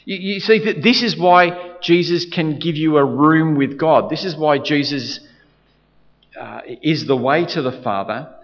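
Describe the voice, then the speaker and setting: A man's voice: a little high, a little slow. A man preaching a sermon, earnest and repetitive, often restarting his sentences to press a point. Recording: dull reverberant hall sound.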